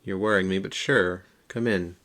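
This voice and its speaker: A man's voice: deep voice, fairly even intonation, moderate pace, a bit bright. A man voicing a grieving young male elf who stammers when shaken. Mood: uneasy.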